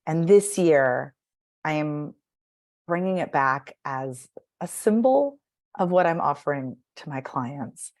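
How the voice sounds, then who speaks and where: A woman's voice: deep voice, animated, takes it slowly. A woman speaking as a voice and speech coach in a podcast interview, animatedly demonstrating vocal patterns by acting them out.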